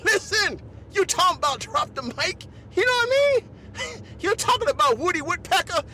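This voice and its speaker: A man hosting a podcast, delivering an animated comedic monologue full of laughs and repeated asides. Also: very high-pitched, moderate pace, a little hiss or hum. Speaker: podcast host.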